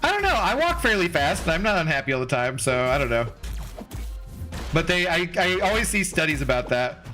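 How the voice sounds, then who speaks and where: Forties guy from washington state streaming, chatting w/ chat, swears a lot, laughs a bunch, kinda high bright voice. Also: very animated, a little fast, soft background music. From Washington State, USA. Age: 40s. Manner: loose, profane, laughs often. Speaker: livestream host reading chat. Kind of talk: casual chat.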